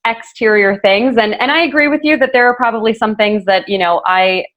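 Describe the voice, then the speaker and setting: A woman's voice: a little high, brisk, a bit bright, dull audio. A woman hosting a podcast interview, talking in an earnest, casual way with many fillers and self-corrections. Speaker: podcast host interviewing a guest.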